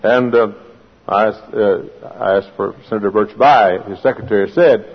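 A man's voice: on the low side, normal speed, slightly rough. A man preaching a sermon, moving from folksy storytelling to fervent preaching. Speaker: pastor. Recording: dull lo-fi sound with long hall reverb.

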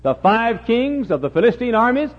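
A man voicing a desperate king who fakes a strained, higher voice, in a dull lo-fi recording. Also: very animated, moderate pace, heavily acted. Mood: lamenting. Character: disguised king, desperate and pleading.

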